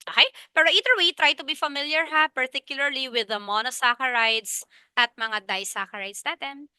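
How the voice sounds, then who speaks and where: Bright, lively Filipino woman lecturing. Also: a little high, clean tone, no echo. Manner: lively Taglish teaching, poses questions as students then answers. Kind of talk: online review lecture.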